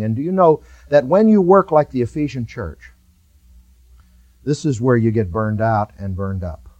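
A man's voice: medium pitch, no room sound, lo-fi sound. A man preaching a sermon to his church with rising fervor, repeated phrases and folksy asides. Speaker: pastor.

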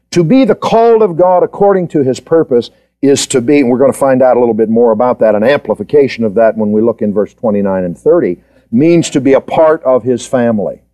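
A man's voice: mid-range voice, mellow. A man giving a Bible study lecture, quizzing his students and repeating key points for emphasis. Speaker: Bible teacher.

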